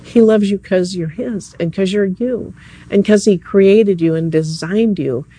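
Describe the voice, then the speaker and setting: Speaking straight to his listeners, a preacher delivers a heartfelt, conversational sermon at an evening service. His voice is warm, mellow, and husky, pitched at a normal middle level, with a measured pace.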